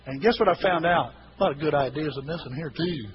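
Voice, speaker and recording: A man with a high voice preaches to his church, telling personal stories and acting out the people in them, sometimes bursting into shouts. The recording sounds dull and lo-fi, with clear hiss underneath. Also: quick pace. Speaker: pastor. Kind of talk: sermon.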